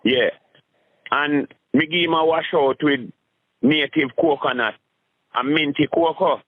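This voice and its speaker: Jamaican man, rambling comic storyteller, slightly high voice, dry tinny phone-like recording. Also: measured pace, dry recording. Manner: animated, jumps into high voices when acting out scenes. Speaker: street comedian.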